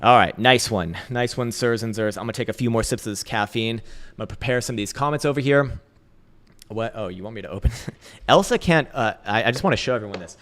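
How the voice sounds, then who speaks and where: A man's voice: mid-range voice, quick pace, a bit bright. A man hosting a crypto trading livestream, talking in a loose, casual way with profane, laughing asides.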